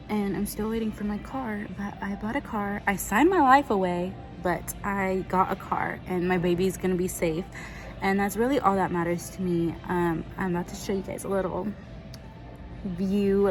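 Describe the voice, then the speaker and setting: A woman's voice: mid-range voice, moderate pace, music in the background. A young woman vlogging casually to her phone while car shopping, chatty and a little tired, saying "like" and "guys" often. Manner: chatty, excited, lots of "like" and "guys". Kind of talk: casual vlog to camera. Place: car dealership lots and showrooms. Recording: phone video with loud background noise. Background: kids playing and people talking.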